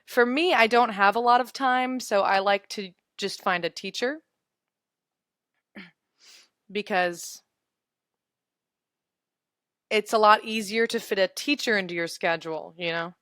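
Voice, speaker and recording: A woman's voice: mid-range voice, measured pace, a bit bright, smooth, no echo, studio quality. A young woman in her twenties teaching English in a casual live webinar, chatty and giggly as she answers viewer comments.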